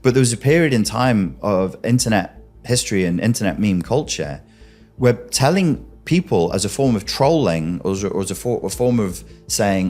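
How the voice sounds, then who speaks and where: A man's voice: lowish voice, big pitch swings, normal speed, darkish tone, soft background music. A man hosting a commentary, arguing emphatically and throwing rhetorical questions straight at the listener. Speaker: commentary host. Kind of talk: argumentative commentary.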